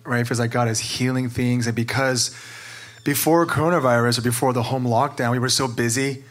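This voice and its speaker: Earnest pastor sharing personally. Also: male voice, mid-range voice, steady tone, a little fast, fairly bright tone. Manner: earnest, emotional, many "like" fillers.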